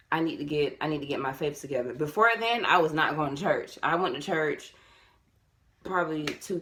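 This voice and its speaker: Low-voiced woman telling a story casually. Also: a little hiss or hum. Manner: animated, repetitive, addresses viewers as y'all. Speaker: vlogger.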